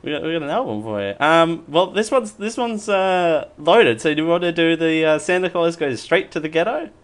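A man hosting a casual podcast and reading quiz questions, playful and quick to laugh. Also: fairly high pitch, animated. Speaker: quiz host.

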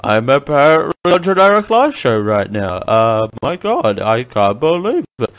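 A man's voice: mid-range voice, very animated, a little slow. A man voicing a bumbling male parrot who calls in, hesitant and filler-heavy. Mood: flustered.

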